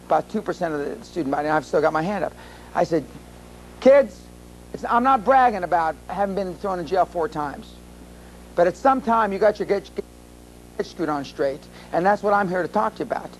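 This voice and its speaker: A man's voice: high voice, animated, a little fast, a little hiss or hum, rough recording. Blunt, profane older man speaking at a seminar. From USA. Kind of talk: live seminar talk.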